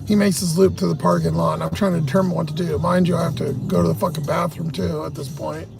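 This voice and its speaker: Over music, a livestream host with a fairly high voice talks fast, with vocal fry and fairly even intonation. He launches into a long, profane, agitated story, cursing heavily in a casual storytelling rant.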